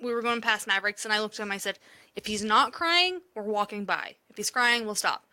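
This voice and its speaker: A woman's voice: mid-range voice, brisk, bright, forceful tone. A woman co-hosting a podcast, telling an emotional story in casual chat, swearing freely and laughing often. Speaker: podcast co-host.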